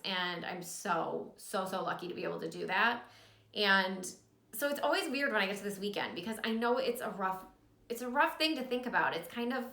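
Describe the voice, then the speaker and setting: A woman's voice: medium pitch, bright, forceful tone. A young woman vlogging in a casual, earnest way, talking emotionally and holding back tears. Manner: casual, many likes and you guys. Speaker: vlogger and author. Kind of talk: personal confessional vlog. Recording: roomy echo.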